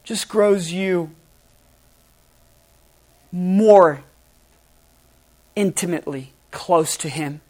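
A middle-aged man preaching a sermon as pastor, emphatic and animated, his voice swinging from loud to soft. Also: high-pitched, extremely slow, long pauses.

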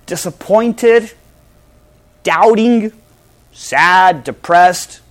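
A male pastor preaching a sermon to a congregation, swinging between loud emphasis and hushed, soft passages. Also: high voice, very slow. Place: church hall before a congregation.

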